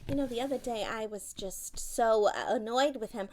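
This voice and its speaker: A woman's voice: a little high, moderate pace, darkish tone, lightly acted. A woman playing an opinionated, gossipy mother who rambles and complains to her grown child on the phone in a comedic monologue. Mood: gossipy complaining.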